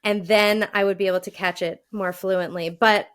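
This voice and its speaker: Woman host, faint Long Island accent; lively, laughing storyteller. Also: medium pitch, moderate pace, clear, resonant tone. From Long Island, New York. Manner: animated storyteller, laughs easily, acts out quotes. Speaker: podcast host. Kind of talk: casual chat.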